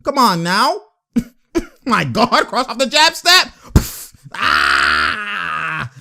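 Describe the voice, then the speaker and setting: A man hosting a live reaction commentary on basketball footage, excitable and casual with lots of slang, laughing often and yelling at referee calls. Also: very high-pitched, slow. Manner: casual slang-heavy talk. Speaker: sports reaction video host.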